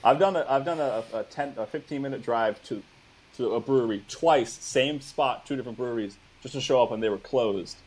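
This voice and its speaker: A man's voice: mid-range voice, a little fast, darkish tone, slightly rough, low-quality recording. A man co-hosting a podcast in casual comedy chat, playful and acting out little scenes.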